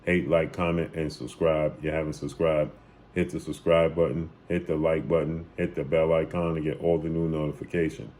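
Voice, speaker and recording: Man, sports commentary host, low voice, mellow tone, emphatic retelling. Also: level tone, moderate pace. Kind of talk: casual sports commentary over clips.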